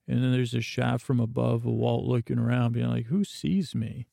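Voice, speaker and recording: A man's voice: medium pitch, fairly quick, no echo, clean studio sound. A man hosting a podcast, giving a meandering bedtime recap full of fillers. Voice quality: gravelly. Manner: meandering, monotone, filler-heavy. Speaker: podcast host.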